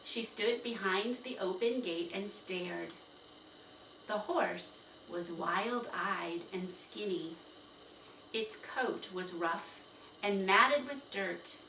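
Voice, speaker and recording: A woman reading a children's chapter book aloud with slow, expressive storytelling. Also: medium pitch. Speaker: storybook reader. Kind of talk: children's read-aloud narration. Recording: roomy, distant, faint hiss.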